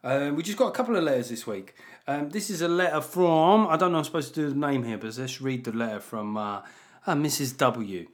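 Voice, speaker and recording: Sweary podcast host. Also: male voice, fairly high pitch, lively intonation, fairly quick. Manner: rambling, sweary, sardonic. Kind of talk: casual podcast chat.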